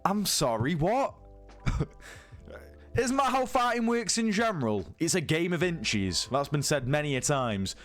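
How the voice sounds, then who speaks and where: A man's voice: on the high side, sing-song, measured pace, fairly bright tone, faint music behind. A man giving a casual, incredulous and sweary rant as a sports news YouTuber.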